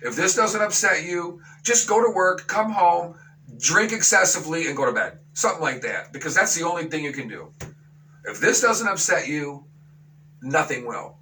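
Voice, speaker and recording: High, bright-voiced outraged radio host. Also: male voice, expressive, normal speed, distant mic, slight background noise, rough recording. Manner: outraged, sarcastic ranting with mocking voices. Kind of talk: opinion talk radio monologue.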